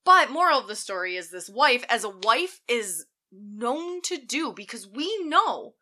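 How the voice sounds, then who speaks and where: A blunt, sarcastic woman telling a story on a casual podcast. Her voice is bright and sharp and pitched a little high, and she swears freely. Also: very animated, measured pace.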